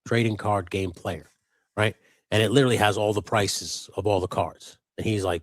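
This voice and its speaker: A man co-hosting a live stream, telling an animated, profanity-laced story in casual chat. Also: fairly low pitch, moderate pace, no room sound. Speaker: co-host of a live customizing stream.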